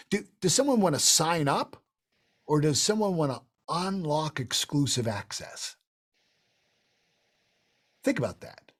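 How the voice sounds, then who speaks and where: Animated husky middle-aged man coaching. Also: a little high. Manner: animated, emphatic, demonstrates tonalities with quick voice shifts. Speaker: sales trainer. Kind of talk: online training session.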